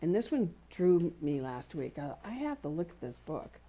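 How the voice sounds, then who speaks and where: A woman's voice: deep voice, big pitch swings, moderate pace. A woman speaking at a spiritual community service, telling everyday stories in a conversational sermon with laughter and playful voices. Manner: warm anecdotal storytelling with laughs and playful quoted voices. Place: community center hall.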